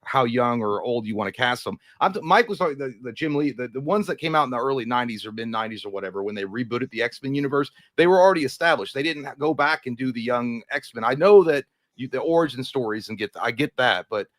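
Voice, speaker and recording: A man's voice: mid-range voice, fast talker, hardly any pauses, no room sound. Man, podcast co-host, casual movie chat, rambling, cursing, dry close sound. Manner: animated, rambling, swears freely.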